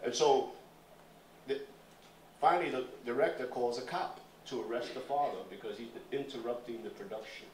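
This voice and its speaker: Older man, Nuyorican accent, live storytelling, salty and animated, roomy stage sound, mic at a distance. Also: medium pitch, moderate pace, slight background noise. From Puerto Rican New York. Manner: animated, profane, conversational. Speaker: spoken word performer. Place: stage at a small performance café.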